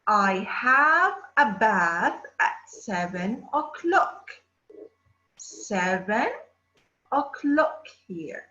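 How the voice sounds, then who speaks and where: A woman teaching an English lesson to children, drawing out words slowly and asking the class questions. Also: on the high side, sharp tone. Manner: slow, drawn-out words, addressing children. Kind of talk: distance-learning phonics lesson. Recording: roomy, dull lo-fi sound.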